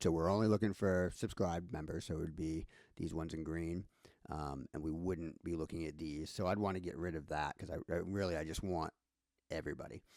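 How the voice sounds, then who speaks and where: A man's voice: low voice, darkish tone, no echo, clean studio sound. A man giving a casual screen-share tutorial, thinking aloud with many fillers and restarts. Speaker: instructor.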